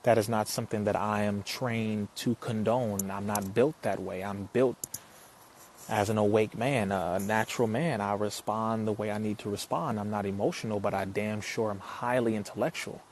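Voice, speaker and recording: A man giving an impassioned talk to an audience, preacherly and forceful, firing rhetorical questions and rising to emphatic peaks. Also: fairly low pitch, fairly even intonation, normal speed, slight background noise. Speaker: speaker addressing an audience.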